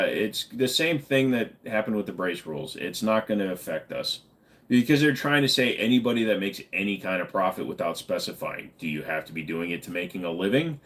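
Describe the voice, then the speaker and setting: A man with a fairly low voice hosts a relaxed livestream. He reads viewers' questions aloud and answers with loose, joking, profane chatter. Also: a little fast. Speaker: livestream host. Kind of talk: casual live chat answering viewers.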